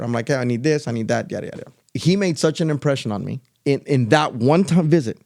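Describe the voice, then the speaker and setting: Talking fast with vocal fry and barely pausing, this middle-aged man has a medium-pitched voice. As a podcast co-host, he tells a story loosely and animatedly in casual chat, performing other people's lines along the way.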